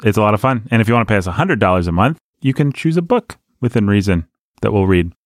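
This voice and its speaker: A male podcast co-host chatting casually, full of playful jokes and teasing asides. His pitch swings widely as he talks. The sound is close and dry, with no room around him. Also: expressive, no echo. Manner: joking, playful, quick asides.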